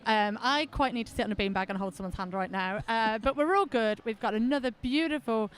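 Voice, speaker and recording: A high, bright-toned woman commentates a live roller derby bout, chatty and playful, bantering with her partner between calls. She is from New Zealand. A faint hum of the venue sits behind her voice. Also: a little fast.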